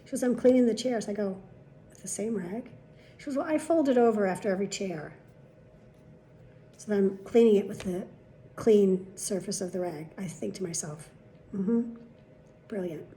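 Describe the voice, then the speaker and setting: A woman's voice: mid-range voice, fairly quick, warm tone, a little hiss or hum. A woman vlogger telling a story in a casual monologue, exasperated and profane, shifting her voice to quote the people in it.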